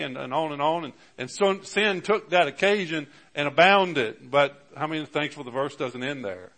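A man's voice: on the high side, lively intonation, normal speed, few pauses, fairly bright tone. A man preaching a sermon as pastor, with emphatic rises on key words and many fillers and restarts. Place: church.

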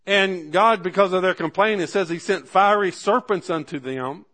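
A man's voice: high-pitched, moderate pace, a bit bright. A man preaching a sermon in a fervent, repetitive, folksy way, retelling a story and driving home one simple point.

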